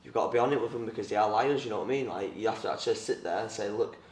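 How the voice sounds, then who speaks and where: A man's voice: fairly low pitch, racing. A young man, a former boxer, telling his story in an interview, blunt and rambling, with plenty of swearing and fillers. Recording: roomy, mic at a distance.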